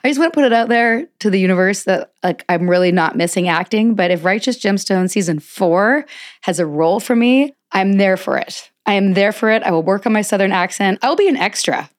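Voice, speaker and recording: A woman's voice: medium pitch, fairly quick. A woman hosting a podcast in casual chat, talking in chatty, digressive runs and laughing often. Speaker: podcast host.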